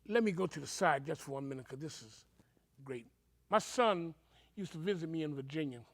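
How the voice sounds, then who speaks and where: A man's voice: a little high, fairly quick. An older man, a reverend telling his own story with emotion and acting out the voices of people he quotes. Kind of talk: personal storytelling.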